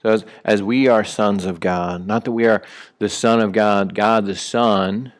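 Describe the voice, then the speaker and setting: A man's voice: on the low side, fairly even intonation, a little slow. A man preaching a sermon in an easygoing, conversational way, with frequent fillers and restarts. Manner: rises sharply when acting out calling someone back. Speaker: pastor.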